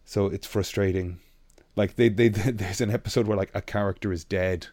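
A man co-hosting a podcast in casual chat, animated and sweary as he rants. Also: lowish voice, moderate pace, dry recording, clean studio sound. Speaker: podcast co-host.

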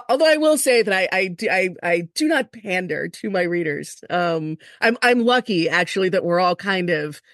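A woman's voice: on the low side, animated, moderate pace, few pauses, fairly bright tone, no room sound, studio quality. Wry, playful woman podcast host. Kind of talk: casual interview chat.

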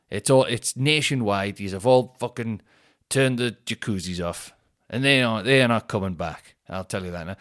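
A man's voice: lowish voice, a bit bright. A young man, a comedian hosting his podcast, rambling through a sweary, self-mocking monologue full of tangents.

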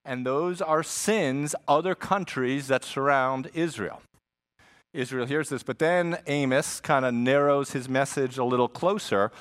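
A man preaching a sermon as a pastor, teaching in an animated style with asides and jokes. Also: a little high.

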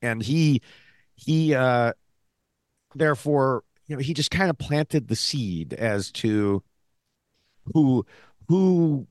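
Halting man on a dry mic. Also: medium pitch, expressive, no echo. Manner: halting, builds points in short bursts. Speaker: podcast co-host. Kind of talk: casual discussion.

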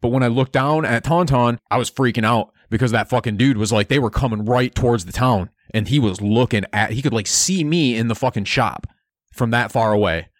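A man's voice: medium pitch, a little fast, dry recording. Guy rambling and cussing through his dnd turn, dry close sound. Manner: excitable, swearing, rambling storytelling. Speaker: player. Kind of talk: profane comedic tabletop role-play.

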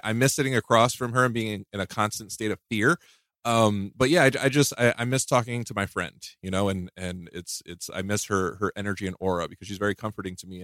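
Guy hosting a podcast, rambly and jokey, lots of restarts, regular pitch, dry close sound. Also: no echo. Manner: rambling, self-mocking, many restarts and laughs. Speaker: podcast host. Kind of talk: casual podcast chat.

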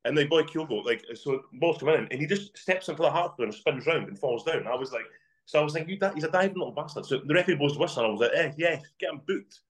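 A man's voice: a little high, slightly rough. A man co-hosting a casual football podcast, ranting and telling stories about matches. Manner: fast, ranting, animated storytelling. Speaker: podcast co-host.

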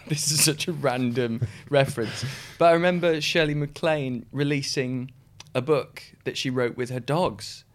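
Male podcast host, mid pitch, playful, jokey. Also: unhurried, few pauses. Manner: playful, joking, laughs often. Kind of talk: casual chat.

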